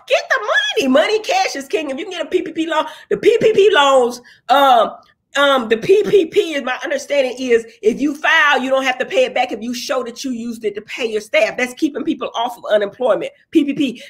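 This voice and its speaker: A middle-aged woman chatting casually with her viewers, blunt, rambling and quick to swear. Her voice sits high and sounds breathy and husky. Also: fairly bright tone. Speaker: dentist and reality TV personality. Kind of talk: casual opinionated livestream chat.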